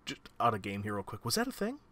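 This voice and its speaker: Lively young game master. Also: male voice, lowish voice, quick pace, a crowd in the background. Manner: casual, full of fillers and restarts, lively. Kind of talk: narrating a tabletop game.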